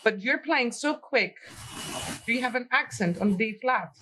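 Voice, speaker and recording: A woman's voice: a little high, expressive, measured pace, noisy background. A woman teaching a piano masterclass, giving direct instructions and counting beats aloud.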